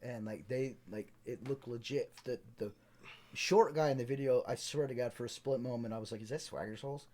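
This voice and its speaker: A man's voice: medium pitch, moderate pace, mellow. A man co-hosting a casual podcast, crude and joking, acting out voices in his stories. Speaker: podcast co-host. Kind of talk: casual chat.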